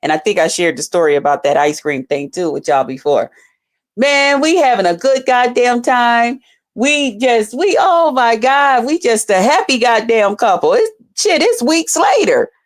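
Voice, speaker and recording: Speaking fairly high and at a moderate clip, a female YouTuber shares a story with her viewers in a relaxed vlog. Her telling is spirited and full of cursing, and she calls her audience "y'all."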